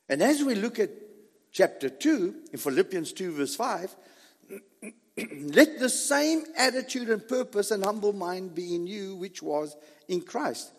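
Male pastor, sermon, emphatic preacher with dramatic pauses and an animated delivery. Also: high-pitched, in a large hall.

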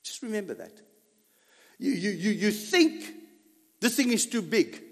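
A man preaches with a high, lively voice that swings widely in pitch. He speaks slowly, asks his listeners questions and repeats key points for emphasis, and the sound rings through a reverberant hall. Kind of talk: sermon.

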